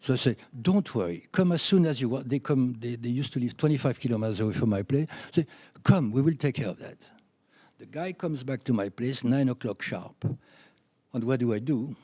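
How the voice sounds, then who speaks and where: A man in his seventies from France with a French accent, telling anecdotes from his career as a chiropractor in a lively, laughing way. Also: medium pitch, a little fast, dry recording. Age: 70s. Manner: animated anecdotes with laughs, rising when excited. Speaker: chiropractor speaking at a conference. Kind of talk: storytelling talk.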